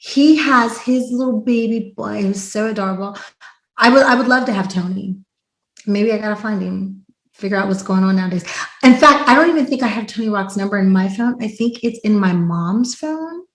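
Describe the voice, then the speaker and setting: A woman hosting a podcast in casual chat, telling stories in an animated way and acting out quotes loudly. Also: mid-range voice, normal speed. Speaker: podcast host. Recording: roomy echo.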